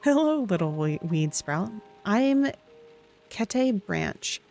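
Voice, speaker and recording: A woman's voice: medium pitch, very animated, takes it slowly, darkish tone, faint music behind. A woman voicing a scraggly old woman who coaxes and wheedles with folksy endearments in a game. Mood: sly coaxing. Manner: sly, coaxing, folksy endearments.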